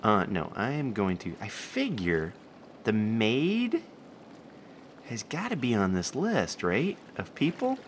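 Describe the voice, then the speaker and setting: A man casually commenting while playing a life-simulation video game, talking to the characters and jumping up in pitch when surprised. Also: very animated, slow pace, slight background noise. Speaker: gameplay commentator. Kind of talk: casual let's play commentary.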